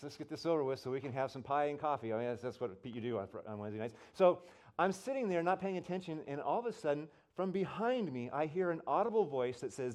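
A man preaching a sermon to a congregation, telling stories and acting out the voices in them. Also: on the high side. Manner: storytelling, animated, acts out voices. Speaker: pastor. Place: church in front of a congregation.

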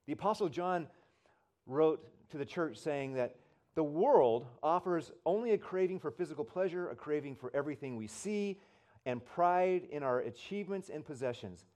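A pastor in church animatedly tells stories during his sermon, putting on the voices of the characters for the congregation. His voice sits on the high side, at a moderate pace.

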